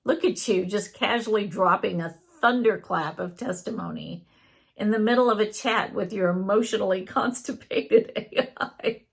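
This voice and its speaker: A woman's voice: mid-range voice, normal speed, gravelly, breathy edge. A woman reading out the lines of a sarcastic, wry male AI chatbot in a theatrical way. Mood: teasing.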